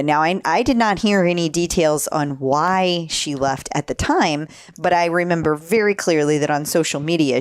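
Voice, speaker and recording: A woman's voice: low voice, no echo, clean studio sound. A woman co-hosting a podcast in casual chat, talking freely and often breaking into laughter. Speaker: podcast co-host.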